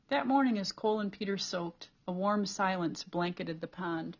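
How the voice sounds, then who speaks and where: A woman's voice: medium pitch, normal speed, few pauses, lo-fi sound. Woman reading a novel aloud. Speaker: audiobook reader.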